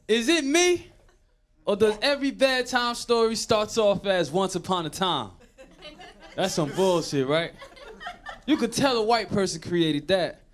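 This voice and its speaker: Brash stand-up comic, high voice, noisy club mic. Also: male voice. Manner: brash, profane, addresses crowd as y'all. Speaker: stand-up comedian. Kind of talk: stand-up set.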